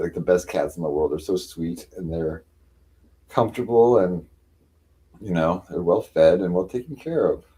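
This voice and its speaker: Low, mellow-voiced man rambling to his cats. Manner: rambling, full of fillers, coos at his cats in a higher voice. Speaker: livestreamer. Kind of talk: casual live-stream chat.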